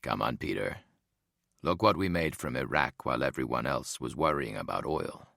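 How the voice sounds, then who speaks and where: A man voicing a calm, smug male executive who speaks blandly and condescendingly. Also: rumbling low, normal speed, gravelly, no echo, studio quality, voice pushed down, exaggerated voice.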